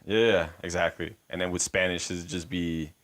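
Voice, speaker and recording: A man's voice: sits low, little pitch movement, moderate pace, fairly bright tone. A man co-hosting a podcast in casual chat, laid-back and rambling, with lots of fillers and swearing. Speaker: podcast co-host.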